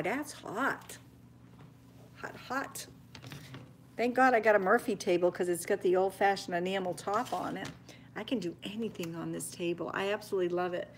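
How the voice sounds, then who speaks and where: An older woman who vlogs about homestead cooking chats homily with viewers during a live stream from her home kitchen. Her voice is mid-range, sometimes dropping to a near whisper. A slight hiss or hum sits in the recording.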